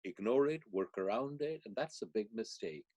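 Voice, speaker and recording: A man being interviewed on a podcast, explaining ideas through animated storytelling. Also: on the low side, moderate pace, no room sound. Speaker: guest speaker.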